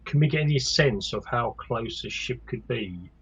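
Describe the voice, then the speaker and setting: A man's voice: medium pitch, lively intonation, normal speed, a bit bright, breathy edge, highs cut off. A man playing in a tabletop game, asking questions about the rules. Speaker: player. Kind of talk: casual game chat.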